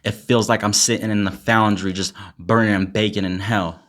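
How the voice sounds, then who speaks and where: A man's voice: lowish voice, steady tone, moderate pace. A young man rapping an intense, angry a cappella freestyle full of swearing, then chatting casually to his viewers. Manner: intense and angry in the verse, chatty and laughing in the outro; swears heavily. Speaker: rapper and poet.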